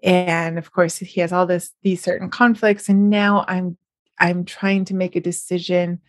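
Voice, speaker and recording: Chatty woman, low and dry. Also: little pitch movement, a little slow, no echo. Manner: chatty and upbeat, often smiling and laughing. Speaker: podcast host and novelist. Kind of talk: casual solo podcast chat.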